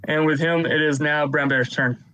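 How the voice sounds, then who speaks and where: A man running a tabletop game as game master, narrating combat turns at an unhurried pace. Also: fairly high pitch, fairly even intonation, pushed and bright, lo-fi sound.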